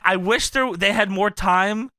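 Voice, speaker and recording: A man co-hosting a podcast, chatting excitedly and profanely, often laughing and acting out quotes. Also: high-pitched, unhurried, no room sound. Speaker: podcast co-host. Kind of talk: casual podcast chat reacting to wrestling.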